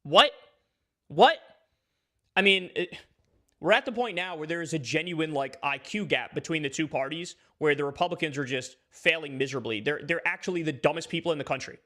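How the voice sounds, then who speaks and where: Bright, high-voiced ranting man. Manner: emphatic, swears freely, fast rants. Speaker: political streamer. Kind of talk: live political commentary.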